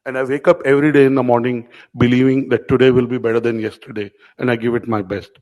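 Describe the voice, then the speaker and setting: Chatty and conversational, a media company owner delivers an informal keynote to award winners in an event hall, speaking fast in a mid-range, slightly mellow voice with a level tone. He shares anecdotes and addresses audience members by name, though the audio quality is poor.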